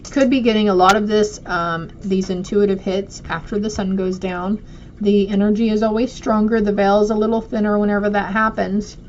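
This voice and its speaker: Speaking straight to her viewers with affection, a woman casually reads oracle cards in a steady, mid-range voice at a moderate pace. The lo-fi audio sounds dull and carries a slight hiss or hum.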